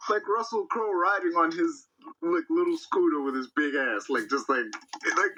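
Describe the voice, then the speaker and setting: A young man chatting as a podcast guest, telling a story in an animated, profane, laughing way. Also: fairly high pitch, normal speed, low-quality recording. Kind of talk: casual chat.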